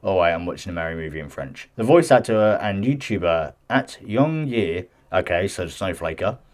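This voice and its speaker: Man, low-ish voice, casual gaming news commentary, reads an article with chatty asides, stumbles and restarts. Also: animated, moderate pace, a little mellow. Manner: chatty and defensive, stumbles and restarts while reading. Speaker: gaming news channel host. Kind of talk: casual commentary mixed with reading news aloud.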